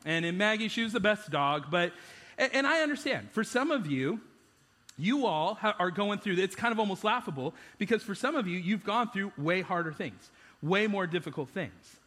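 A man's voice: high voice, expressive, moderate pace, a bit bright, in a large hall. A man preaching a sermon as pastor, conversational and self-deprecating, often restarting his sentences.

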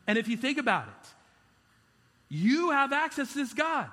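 A man, a pastor, preaching a conversational, animated sermon full of rhetorical questions to his congregation. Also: very high voice, moderate pace, pauses often. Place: church sanctuary. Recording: long hall reverb in a church.

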